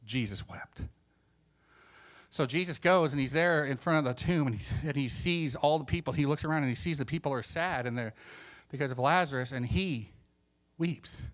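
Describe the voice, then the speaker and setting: A man delivers a sermon at normal speed in a slightly high voice, moving between hushed asides and emphatic points and acting out the voices of those he quotes.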